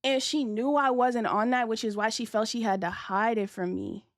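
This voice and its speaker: A woman's voice: steady tone, normal speed, dry recording, studio quality. A young adult woman telling a story on a livestream in casual, slangy talk full of "like," acting out quoted lines. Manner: chatty, slangy and profane, heavy use of "like"; acts out quoted lines with big jumps in pitch and loudness. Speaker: streamer. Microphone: streaming setup.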